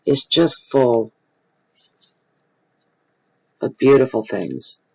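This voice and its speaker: A man, hosting his own tarot channel and talking casually and off the cuff to viewers. He is expressive and rambling, and he repeats phrases for emphasis. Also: medium pitch, drawn-out words, vocal fry, slightly rough. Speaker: tarot reader and channel host. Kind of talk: casual improvised spiritual talk to viewers. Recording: dull lo-fi recording.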